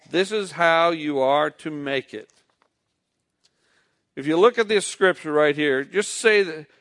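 Male pastor preaching real slow and deliberate, kinda high voice. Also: fairly bright tone. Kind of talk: sermon.

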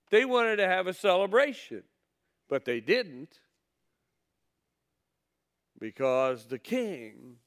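A man preaching a sermon, reading scripture aloud and then retelling it in blunt, folksy words. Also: high-pitched.

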